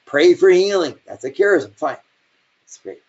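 A man delivering a sermon with a slightly high voice. He talks in a conversational, storytelling way and leans hard on certain phrases. The recording is dull and lo-fi. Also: animated, moderate pace, a little mellow. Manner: conversational storytelling with shifting emphasis. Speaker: preacher.

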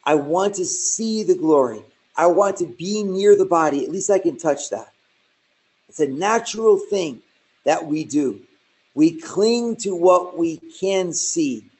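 A man preaching and teaching scripture in a conversational, animated way, with asides and jokes. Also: fairly high pitch, unhurried, poor audio. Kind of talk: informal Bible teaching sermon.

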